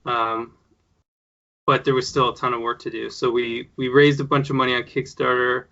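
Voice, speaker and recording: A man's voice: medium pitch, flat delivery, moderate pace, vocal fry, sharp tone. A man being interviewed as a show creator, talking casually in a rambling way with lots of fillers and restarts. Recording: dull lo-fi sound.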